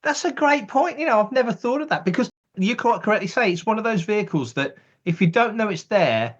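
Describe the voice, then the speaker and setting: A man's voice: high-pitched, animated, a little fast, lo-fi sound. A man hosting a podcast, chatting enthusiastically with his co-host in a casual way.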